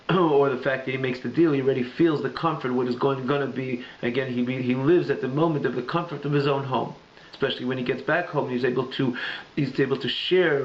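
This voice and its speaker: A man giving a Torah class, telling a parable with halting, repetitive restarts. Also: medium pitch. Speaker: Jewish teacher. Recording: echoey room, dull lo-fi sound.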